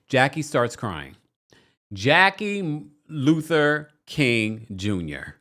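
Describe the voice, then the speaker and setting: A man's voice: mid-range voice, lively intonation, moderate pace, fairly bright tone. A man hosting a reality TV recap, reading viewer comments and giving sassy, dramatic commentary.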